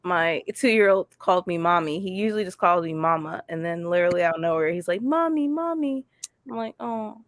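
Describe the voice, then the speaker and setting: A woman's voice: lowish voice, steady tone, fast, hardly any pauses, dry recording. Chatty woman on a video call, dry sound, easygoing. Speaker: reading sprint guest. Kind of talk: casual group chat.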